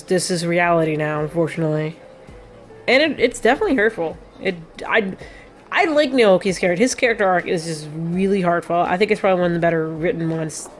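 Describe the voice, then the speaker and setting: A young woman giving rambling, sentimental commentary on a game as a let's play host, with many fillers. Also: on the low side. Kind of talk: casual gameplay commentary.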